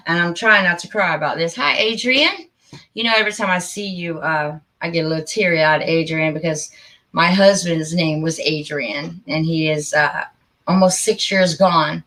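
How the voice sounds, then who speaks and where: A woman's voice: lowish voice, a bit bright. A middle-aged woman hosting a casual live stream, talking in a heartfelt, rambling and emphatic way. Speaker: channel host.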